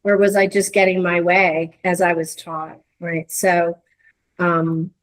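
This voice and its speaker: A middle-aged woman, a guest in a conversation, telling a reflective story with many restarts and searching pauses. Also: fairly low pitch, level tone, poor audio. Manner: earnest, searching, lots of hedges and restarts. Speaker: interview guest.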